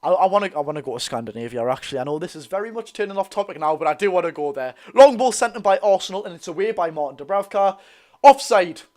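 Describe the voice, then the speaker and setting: A young man with a Geordie accent giving excitable, bantering live commentary on a football match while reading out viewer comments. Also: high-pitched, very fast, hardly any pauses. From North East England. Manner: excitable, banter-filled, reads chat aloud. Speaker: football channel host.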